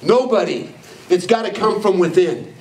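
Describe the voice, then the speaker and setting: A man's voice: high-pitched, lively intonation, moderate pace. An older man giving an emphatic, preachy leadership training talk to a live audience, acting out the voices he quotes. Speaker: motivational speaker. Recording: echoey hall, far from mic, faint noise.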